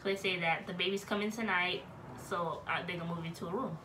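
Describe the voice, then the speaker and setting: A woman's voice: on the low side, brisk, distant mic, slight background noise. A young woman, telling a story casually as a vlogger and acting out the voices of the people in it. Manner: animated, acts out voices of relatives and nurses.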